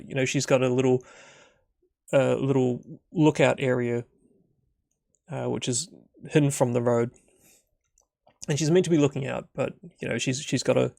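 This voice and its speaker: Guy, young adult, game master, rambling narration with fillers, creaky voice, dry room. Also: mid-range voice, a little mellow, no echo. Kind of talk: solo tabletop game narration.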